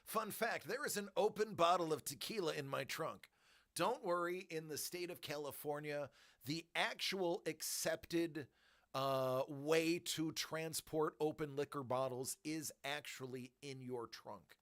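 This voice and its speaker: A man hosting a collectibles channel, telling a story in a joking, animated way and acting out the voices. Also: a little high, a little slow. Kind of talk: casual storytelling.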